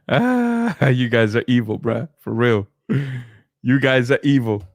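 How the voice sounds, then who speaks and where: Man, casual boxing live-stream host, mid pitch, chatty and easygoing, dry close mic. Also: gravelly, dry recording. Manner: laid-back, chatty, reads viewer comments aloud.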